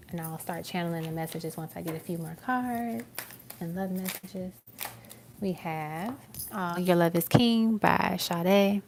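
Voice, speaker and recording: A woman giving a live-stream tarot reading, talking in a soft, musing way with many fillers. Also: on the low side, unhurried, slight background noise. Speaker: tarot reader.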